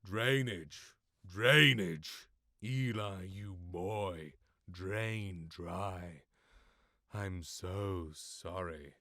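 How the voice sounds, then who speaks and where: A man playing a cold, ruthless adult oilman, drawing out his menace in a hush that breaks into shouts, close on a studio mic. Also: mid-range voice, very animated, gravelly, slightly rough, no room sound, exaggerated voice. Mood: menacing hush. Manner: hushed, drawn-out menace that erupts into shouts. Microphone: studio condenser mic, close.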